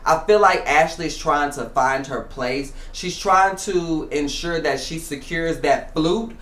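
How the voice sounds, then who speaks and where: A man's voice: on the high side, slow pace, a bit bright. A man hosting a show, giving casual reality TV commentary in a chatty way, with many fillers and restarts. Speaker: show host. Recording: echoey room.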